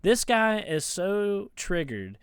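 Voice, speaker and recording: A heated man rants into his phone as a football fan YouTuber, mocking his rival and tripping over his words as he restarts sentences. His voice is smooth and resonant. The sound is dry and close, with no room around it. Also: sits high, sing-song, takes it slowly, dry recording. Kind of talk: casual ranting vlog.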